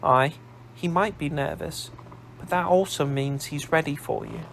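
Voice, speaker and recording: A man's voice: fairly high pitch, unhurried, gravelly, a bit bright, slight background noise. A man voicing a plucky young woman disguised as a boy soldier, speaking bluntly with a Glasgow Scottish accent. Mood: blunt, dutiful. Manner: blunt, down-to-earth.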